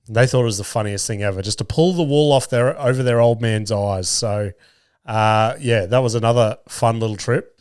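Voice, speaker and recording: A man's voice: on the low side, a little fast, darkish tone, smooth, no echo, clean studio sound. A man hosting a podcast, telling a rambling, sweary story about his week as a cabinet maker. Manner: swears freely, rambling with restarts. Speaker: podcast host. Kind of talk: casual storytelling monologue.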